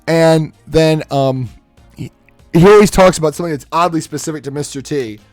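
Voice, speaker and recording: A young man chatting casually on a live stream, animated, laughing often and slipping into quick impressions. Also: a little high, soft background music.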